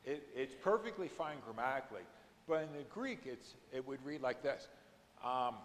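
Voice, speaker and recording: Teaching adults at a church, a man explains scripture readings methodically and rises to forceful emphasis as he quotes them. He speaks at a moderate pace with a medium pitch and lively intonation, and his words ring out with a long reverb tail.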